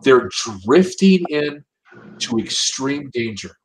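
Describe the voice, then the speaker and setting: A man's voice: mid-range voice, expressive, slow pace, a little hiss or hum, poor audio. A man from the United States giving impassioned political commentary, emphatic and urgent, often repeating and restarting his phrases.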